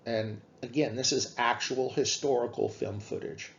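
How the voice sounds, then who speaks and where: A man giving a classroom lecture on literature, explaining slowly with frequent fillers. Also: mid-range voice, steady tone, lo-fi sound, slight background noise.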